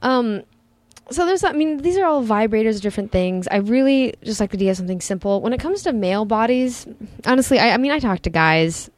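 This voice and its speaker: A woman's voice: on the high side, expressive, brisk, no room sound. A woman co-hosting a casual podcast, chatty and informative, giving practical product advice. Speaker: podcast co-host, sex-toy educator. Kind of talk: casual chat.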